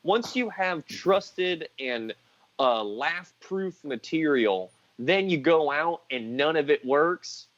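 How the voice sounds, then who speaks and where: A man's voice: fairly high pitch, animated, slow pace, fairly bright tone, no echo, lo-fi sound. A man chatting as a guest comedian on a video call, joking and rambling through self-deprecating stories. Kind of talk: casual chat on a live stream.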